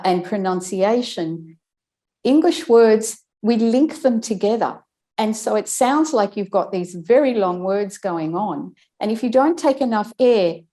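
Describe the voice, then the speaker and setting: A woman's voice: mid-range voice, a little mellow. A woman guest in a conversational interview, explaining speaking and breathing technique and demonstrating it as she goes, often restarting her phrases. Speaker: guest, speech and accent coach.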